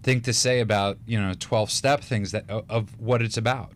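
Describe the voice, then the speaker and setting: A man's voice: fairly low pitch, fairly even intonation, moderate pace. A man co-hosting a casual radio talk show, telling stories in a rambling way with many restarts and laughs. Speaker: radio co-host.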